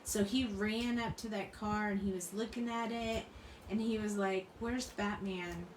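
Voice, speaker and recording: A woman's voice: mid-range voice, steady tone, moderate pace, a little hiss or hum. Chatty woman crafter in an echoey room. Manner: chatty, rambling, laughs often. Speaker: crafting channel host. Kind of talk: casual chat while crafting. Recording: roomy room, mic at a distance.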